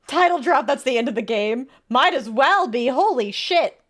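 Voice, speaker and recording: A woman streaming a video game, talking casually and reacting with quick, animated remarks. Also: high voice. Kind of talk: casual let's-play commentary.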